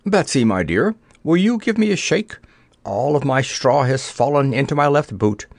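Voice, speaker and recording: A man's voice: mid-range voice, lively intonation, moderate pace, no echo. A man voicing a kindly, floppy scarecrow who gulps and puffs his words in a storybook reading. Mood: weak. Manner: gulping, breathy, puffing.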